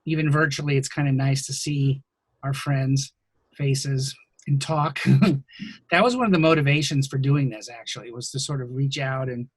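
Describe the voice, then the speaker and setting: A man hosting a podcast interview over a video call, talking casually with lots of ums and pauses. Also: medium pitch, steady tone, husky, dry recording. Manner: hesitant, many ums, warm thanks. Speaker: podcast host.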